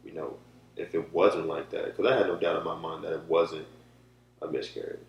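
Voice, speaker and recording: Deep, gravelly young man. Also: normal speed, lo-fi sound, a little hiss or hum. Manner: calm, supportive, brief agreements. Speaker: vlogger, partner. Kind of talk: casual chat. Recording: echoey room, a bit far from the mic.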